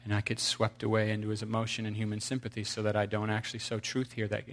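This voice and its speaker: A man's voice: fairly low pitch, completely flat delivery, fast talker, a little hiss or hum. A man preaching an earnest sermon, telling a story to his congregation.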